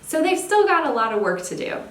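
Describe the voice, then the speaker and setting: A young woman, a speech therapist, giving parenting tips in a clear, upbeat teaching manner. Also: high voice, big pitch swings, brisk, a bit bright. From California. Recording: echoey room, faint background hiss.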